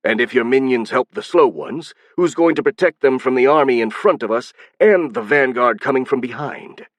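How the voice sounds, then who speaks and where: A man's voice: mid-range voice, moderate pace, dry recording, close to an everyday voice. A man reading an audiobook, voicing an anxious, weary middle-aged nobleman who speaks sarcastically and insistently. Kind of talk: audiobook narration.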